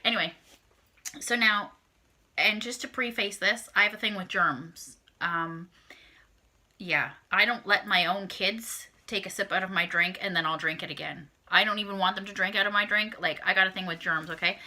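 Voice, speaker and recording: A woman's voice: medium pitch, moderate pace, bright, forceful tone. A woman, telling a dating story to camera in a blunt, profane, casual way. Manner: blunt, heavily profane, acts out her own reactions. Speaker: vlogger.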